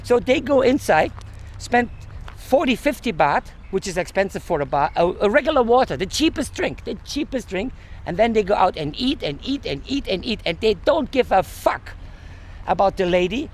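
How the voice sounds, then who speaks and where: A male vlogger with a high, very animated voice rants casually outdoors at normal speed, sweating in the heat. He's heated and swears, often stopping to search for words in this monologue.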